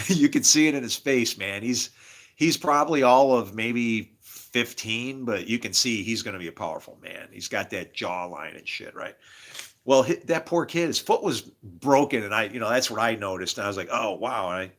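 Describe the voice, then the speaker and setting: A man's voice: medium pitch, lively intonation, moderate pace, fairly bright tone. A man talking straight to the camera in a rambling, agitated personal monologue, profane and jumping from story to story. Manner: agitated, profane, jumps between stories. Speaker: self-made video host.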